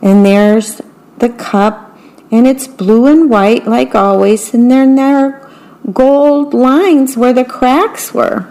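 A woman reading a picture book aloud at a slow, deliberate pace. Her voice sits a little high, and she stops between passages to describe the pictures. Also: steady tone, dark tone. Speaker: storyteller.

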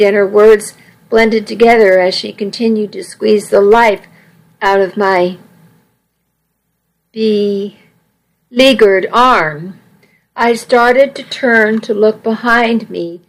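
A woman's voice: medium pitch, slow pace, creaky, rough recording. A woman reading a first-person story aloud in a wry, conversational way. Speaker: audiobook narrator.

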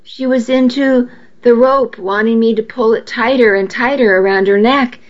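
A woman's voice: on the high side, fairly even intonation, normal speed, dull audio, natural voice. Woman reading as a stammering panicked man. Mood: distraught. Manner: stammering, frantic. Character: panicked young man in shock.

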